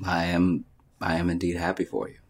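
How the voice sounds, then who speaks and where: A man's voice: low-pitched, completely flat delivery. A man co-hosting a casual comedic podcast, telling stories at an easygoing pace and often answering with "mm-hmm". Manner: easygoing, drawn-out storytelling with frequent affirmations. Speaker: podcast co-host.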